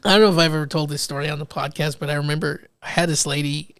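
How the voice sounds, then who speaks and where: A young man hosting a casual podcast, telling lively stories and acting out the people in them. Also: a little high, rapid-fire, no echo. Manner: animated storyteller acting out quoted people. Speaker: podcast host.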